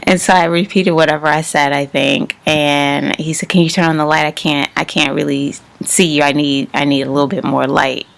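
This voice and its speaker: A woman's voice: low-pitched, fairly even intonation, normal speed, vocal fry, hardly any pauses. A young woman vlogger telling a personal story casually, rambling and laughing as she acts out both sides of the conversation. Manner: rambling, laughs often, quotes others in dialogue.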